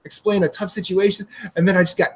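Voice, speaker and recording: A man in his late thirties co-hosting a casual podcast chat, telling stories in an animated way and swearing freely. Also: sits high, fast talker. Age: 30s. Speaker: podcast co-host.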